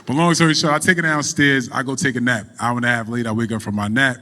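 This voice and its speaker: A middle-aged man, a guest on a podcast, telling a story in a relaxed, animated way and running a business. He falls into casual speech. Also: mid-range voice, quick pace, big-room sound. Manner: animated storyteller, acts out quoted voices. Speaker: podcast guest, cannabis entrepreneur.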